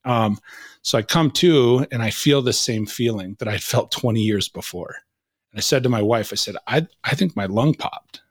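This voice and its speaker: A man in his forties, a podcast guest, telling a personal story with vivid quoted dialogue and dropping to a hushed tone at intense moments. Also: mid-range voice, moderate pace, no room sound, studio quality. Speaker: podcast guest, leadership coach.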